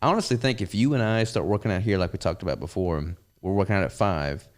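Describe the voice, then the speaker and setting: Deep-voiced Southern man chatting casually. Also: fast. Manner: easygoing, rambling with fillers. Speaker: podcast host and business owner. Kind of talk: casual chat.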